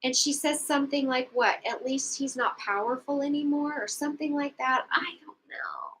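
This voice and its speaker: Woman, book club co-host; high bright voice, easygoing slow recap, casual asides. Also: very animated, a little hiss or hum, poor audio. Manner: rambling plot recap with frequent asides and laughter. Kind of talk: casual book discussion livestream.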